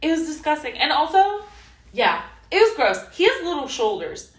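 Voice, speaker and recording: A woman's voice: high-pitched, very animated, normal speed. A woman in casual chat who laughs easily and fills her talk with "like". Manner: chatty, laughs easily, frequent "like" fillers. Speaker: podcast co-host. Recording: roomy echo.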